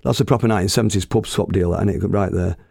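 An older man with a thick Oldham accent tells comic family stories in a low, rough voice with plenty of gravel. His delivery is wry and earthy, and he slips into the voices of his characters. The sound is close and dry. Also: racing, a little mellow, no room sound. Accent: Oldham, Northern English. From Oldham, England. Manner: acts out quoted people in voices. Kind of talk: humorous storytelling.

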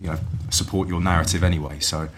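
A man in a casual political chat, laying out electoral analysis in a measured way with a few fillers. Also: sits low, steady tone, fairly bright tone, a little hiss or hum.

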